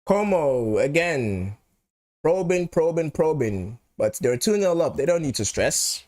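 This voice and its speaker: Hosting a live football watchalong, this Nigerian-accented man talks in a fairly high, very animated voice with a darkish tone at a measured pace. He chats casually, repeats his phrases, and switches between pidgin and English.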